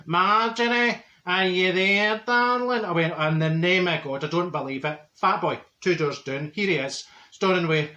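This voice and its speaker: A man's voice: sits high, moderate pace, few pauses, bright, forceful tone, dull audio. A man playing a brash, chatty woman from Glasgow with a Glaswegian accent, telling a comic story with lots of stumbles and repeated words. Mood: gossipy. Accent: Glaswegian Scottish. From Glasgow, Scotland. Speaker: comedy character. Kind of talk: comic monologue. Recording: roomy echo.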